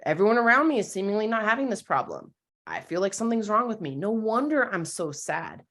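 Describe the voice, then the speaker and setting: A woman therapist giving a webinar talk, gentle and candid, coaching listeners through self-compassion exercises in casual words. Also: mid-range voice, very animated, a little fast.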